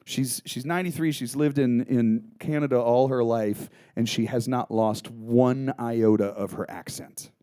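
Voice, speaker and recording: A man's voice: medium pitch, steady tone, measured pace, hardly any pauses, mellow, clear, resonant tone, dry recording, studio quality. A guitarist and songwriter rambling through stage banter, joking and restarting his sentences between songs at a live club show. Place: small live music club. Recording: live club recording with music.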